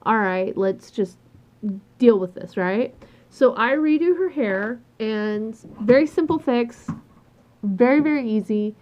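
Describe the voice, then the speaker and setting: A woman's voice: a little high, animated, slow pace. A woman telling a work story in a casual, exasperated rant, swearing freely and acting out what people said. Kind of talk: casual ranting monologue. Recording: dull lo-fi sound.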